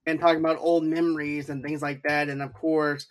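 A co-host retells a film's plot in a relaxed, casual chat. The speech rambles and keeps circling back with filler phrases. The voice sits at a middling pitch. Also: brisk. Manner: rambling, repeats filler phrases like "too, though". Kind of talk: casual movie recap chat.

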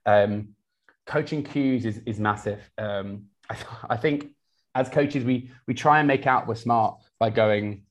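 Guy in his 40s, coach, chatty and fast, trips over his words, medium pitch. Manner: energetic, many restarts, quotes clients in lively voices. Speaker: personal trainer and coach. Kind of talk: casual interview talk.

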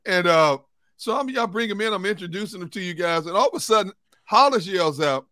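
A man's voice: high-pitched, animated, brisk, pushed and bright. A man hosting a sports talk show, telling locker-room stories and laughing through them. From United States. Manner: storytelling, laughing through anecdotes.

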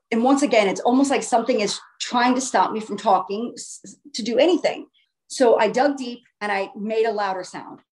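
Earnest woman with a high voice. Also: a little mellow. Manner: earnest and emphatic, often restarting phrases. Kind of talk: casual first-person storytelling.

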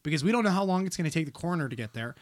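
A man telling stories in casual chat, animated and swearing constantly, talking about his work as an emergency responder. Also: fairly high pitch, racing. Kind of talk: casual profane chat and storytelling.

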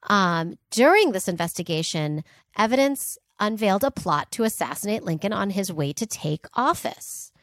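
A woman's voice: medium pitch, animated, normal speed, no room sound. A woman co-hosting a podcast, telling a history story in a casual, joking way with fillers and asides. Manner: chatty, jokey, fillers and asides. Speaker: podcast co-host.

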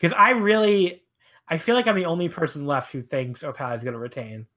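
Rambling man in a casual podcast chat. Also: fairly quick. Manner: rambling, animated, voice jumps high when exasperated. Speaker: wrestling podcast co-host.

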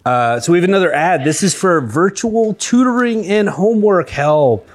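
A man hosting a comedy podcast, calmly judging a game with dry, deadpan rulings. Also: high voice, moderate pace, a crowd in the background. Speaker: podcast host and game judge. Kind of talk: podcast banter.

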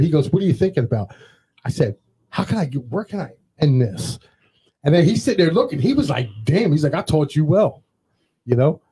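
A man co-hosting a podcast chats easily through his anecdotes, lively and acting out the conversations he's describing. His voice is medium-pitched and husky.

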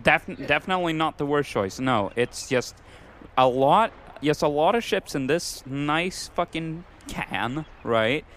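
Lively, bright-voiced young male podcast host. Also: a little high, unhurried, a little hiss or hum. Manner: swears often, animated, stumbles and repeats words. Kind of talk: casual podcast chat.

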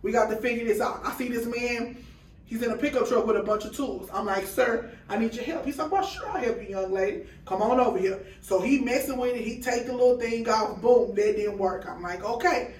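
Speaking a little fast, the food truck owner has a fairly high pitch with a darkish tone. As a podcast guest she tells a story in relaxed conversation, acting out the dialogue in different voices. A distant mic gives the clip a roomy, off-mic quality.

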